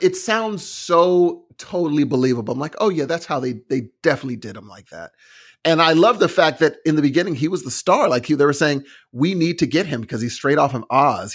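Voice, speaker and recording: A man co-hosting a podcast, chatting casually and telling animated stories, acting out what other people said. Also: on the high side, slightly rough. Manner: animated storytelling, acts out quoted voices. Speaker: podcast co-host. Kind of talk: casual chat.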